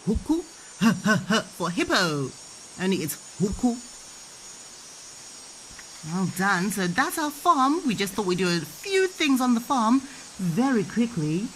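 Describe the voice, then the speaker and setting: A woman's voice: fairly high pitch, big pitch swings, measured pace, pauses often, a little hiss or hum, poor audio. A woman teaching her small child with toys, asking coaxing sing-song questions and acting out animal sounds. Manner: playfully acts out animal sounds and toy play. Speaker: parent teaching a toddler. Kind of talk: playful home lesson with toys.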